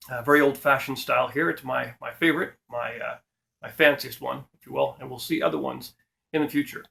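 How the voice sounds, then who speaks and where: A middle-aged man talks a viewer through a how-to in a casual, unhurried way. His voice sits at an ordinary pitch but carries a strong rough, gravelly fry, and he often pauses on fillers and restarts. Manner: relaxed, with frequent fillers and restarts. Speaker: host. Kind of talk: casual instructional talk.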